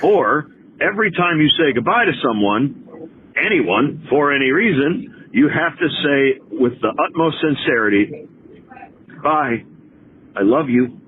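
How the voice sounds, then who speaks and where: A man's voice: a little high, lively intonation, unhurried. A man calling in with an upbeat, playful voicemail question. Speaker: voicemail caller. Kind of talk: recorded voicemail. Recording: tinny phone line with faint hiss.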